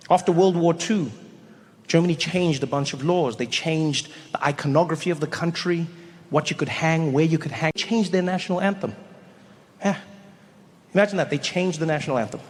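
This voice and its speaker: A man from South Africa performing stand-up on a theatre stage, telling animated, conversational stories into a handheld mic. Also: fairly high pitch, slightly rough. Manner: animated, conversational storytelling, rising into shouts. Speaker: stand-up comedian. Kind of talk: stand-up comedy. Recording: reverberant hall with faint noise.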